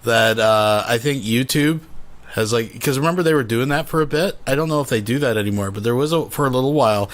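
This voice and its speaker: A man's voice: mid-range voice, fast talker. Laid-back man hosting a reaction stream. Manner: relaxed, explanatory, chatty. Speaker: stream host reacting to clips. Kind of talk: casual reaction commentary.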